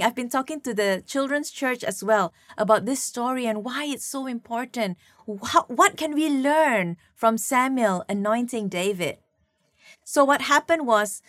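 Animated Malaysian woman preaching. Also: a little high, dry recording, clean studio sound. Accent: Malaysian English. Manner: animated storytelling with playful asides. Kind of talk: sermon.

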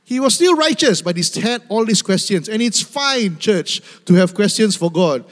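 Male preacher, high voice, emphatic and repetitive, addresses his church directly, long hall reverb. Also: lively intonation, moderate pace. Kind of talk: sermon.

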